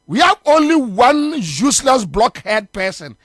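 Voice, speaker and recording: Ghanaian radio guy ranting about politics, high voice, repeats himself, dry studio sound. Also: animated, unhurried, fairly bright tone, no echo. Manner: combative, scornful, repeats phrases for emphasis. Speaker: radio morning show host.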